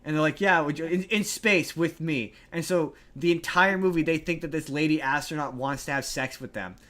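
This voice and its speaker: A man co-hosting a podcast, recapping a movie plot in a rambling, animated way with many restarts. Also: fairly high pitch, a little fast. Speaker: podcast co-host. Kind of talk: casual movie recap chat.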